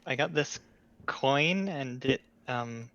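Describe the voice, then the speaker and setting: A man voicing a hesitant young German man who speaks English with a German-tinged British accent and halting, filler-heavy speech. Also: mid-range voice, fairly bright tone, no room sound, highs cut off.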